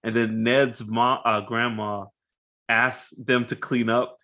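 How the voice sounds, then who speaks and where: Relaxed man, podcast co-host, mid-pitched, casual slang. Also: slow pace. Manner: laid-back, loose, says bruh and dog. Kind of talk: casual reaction chat.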